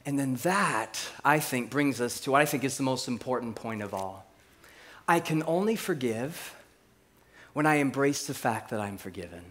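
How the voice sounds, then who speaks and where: A man preaching a sermon, telling stories and swinging between hushed reflection and lively, laughing delivery. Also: mid-range voice, normal speed. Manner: laughs at his own stories. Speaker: pastor.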